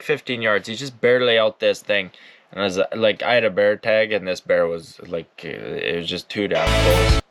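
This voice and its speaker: A man's voice: medium pitch, fairly bright tone, no echo. Laid-back outdoorsman, rambling and casual. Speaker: outdoors YouTuber. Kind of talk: casual reaction commentary.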